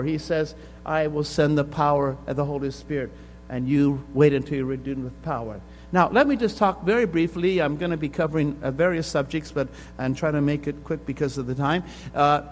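An older man preaching a sermon at a conference, telling a story that builds to intense emphasis. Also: a little high. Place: conference hall. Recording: reverberant hall with faint hum.

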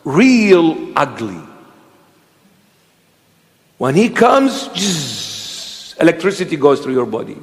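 A man's voice: on the high side, big pitch swings, slow pace, long pauses, long reverb tail. A man serving as a bishop, preaching a sermon in an emphatic, exhortative manner and repeating short commands.

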